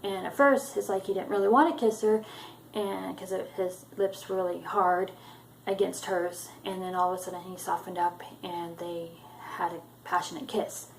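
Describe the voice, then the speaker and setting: Gravelly-voiced woman recapping a book. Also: on the low side, steady tone, moderate pace, a little hiss or hum, rough recording. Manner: hesitant, many ums and uhs, loosely strung sentences. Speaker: book vlogger retelling a chapter. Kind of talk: casual spoken book recap.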